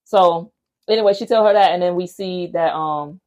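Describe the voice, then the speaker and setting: A woman hosting a podcast, casually recapping a horror movie in a profane, animated storytelling way, acting out lines from the scenes. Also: lowish voice, moderate pace, dull audio. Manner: profane, animated retelling with quoted voices. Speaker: podcast host.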